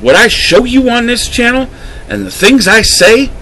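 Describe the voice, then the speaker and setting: A man's voice: very high-pitched, moderate pace, sharp tone, a little hiss or hum, rough recording. A man vlogger delivering an angry, emotional rant to camera, swearing heavily as his voice rises and drops. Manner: heated, swearing, voice rising and dropping.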